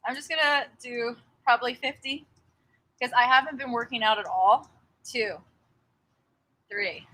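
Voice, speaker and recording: A young woman talks in a bright, slightly high voice, chatting to viewers on a casual livestream. She rambles and thanks people by name. She is outdoors in front of her house, picked up by a laptop mic. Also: unhurried, pauses often, low-quality recording. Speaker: livestream host. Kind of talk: casual livestream chat, reading aloud. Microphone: laptop or webcam mic.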